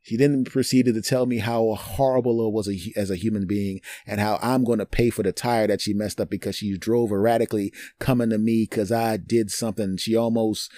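A man hosting a podcast, telling personal stories in an animated, digressive, joking way. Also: lowish voice, a little fast, hardly any pauses, no echo. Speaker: podcast host. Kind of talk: storytelling monologue.

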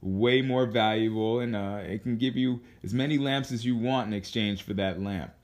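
A man's voice: on the low side, normal speed, darkish tone, natural voice. A man voicing a greedy, demanding king in a spoken story, using casual modern slang. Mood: coaxing. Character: greedy boastful male king.

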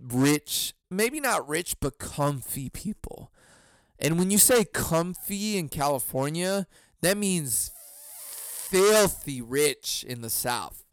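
Comedy podcast dude rambling, swears a lot, says dude and man constantly, clear dry voice. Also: a little high, no room sound. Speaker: podcast host. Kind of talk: casual comedic monologue.

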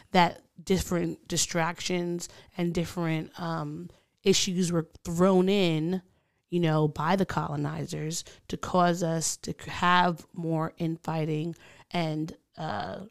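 A woman's voice: lowish voice, dry recording, studio quality. A woman co-hosting a podcast in casual chat, speaking earnestly and thoughtfully with frequent fillers. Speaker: podcast co-host.

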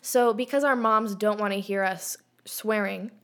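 A young woman co-hosting a podcast, telling a story in a casual, animated way, swearing and laughing often. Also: medium pitch, unhurried. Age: young adult. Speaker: podcast co-host.

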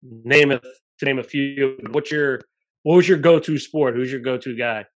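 A man hosting a casual podcast interview, easygoing and a bit halting. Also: medium pitch, steady tone, highs cut off. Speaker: podcast host.

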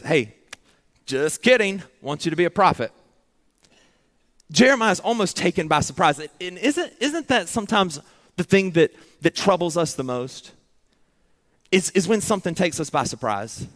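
A man's voice: sits high, a bit bright. A man preaching a sermon, earnest and dramatic, acting out pleading prayers in short repeated phrases.

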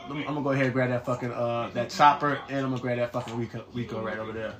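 A man streaming a game live, commenting loudly and profanely and trash-talking his teammates in excited bursts. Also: medium pitch, very fast, echoey room.

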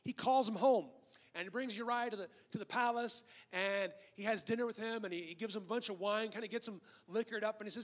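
A pastor with a high-pitched voice preaching a sermon as a casual story. He voices the quotes in the story, stumbles and repeats words, and slips in joking asides. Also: brisk, in a large hall. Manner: conversational storytelling, acts out the quotes; frequent word repeats and restarts.

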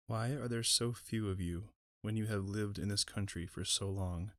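A man's voice: fairly low pitch, fairly even intonation, moderate pace, a bit bright, no echo, clean studio sound, close to an everyday voice. A man voicing a curious young male hobbit in an audiobook, asking earnest questions.

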